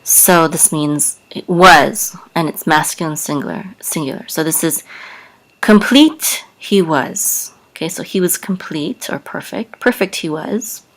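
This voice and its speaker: A woman's voice: sits low, a little slow, few pauses, a bit bright. A woman teaching a language lesson, patiently spelling out sounds letter by letter. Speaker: Hebrew teacher. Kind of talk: slow spoken lesson.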